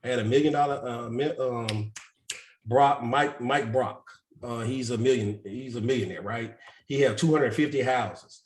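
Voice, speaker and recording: A man's voice: mid-range voice, normal speed. A man who coaches real estate investing, telling candid stories with a loose, self-mocking manner and frequent laughter on a group video call. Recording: roomy echo.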